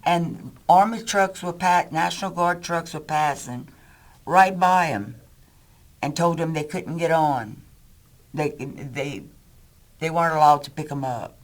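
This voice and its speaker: A man's voice: a little high, unhurried. A man telling a rescue story in an interview. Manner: lively storyteller. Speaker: volunteer rescuer.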